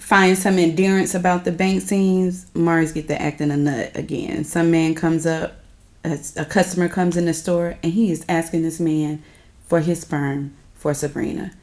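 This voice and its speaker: A woman, chatting casually to viewers as she recaps a TV episode, often laughing and calling them y'all. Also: low-pitched. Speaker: recap host.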